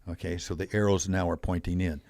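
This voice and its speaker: An older man telling stories as a podcast guest, animated, acting out quoted voices. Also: low-pitched, brisk, dry recording. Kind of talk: storytelling in a conversational interview.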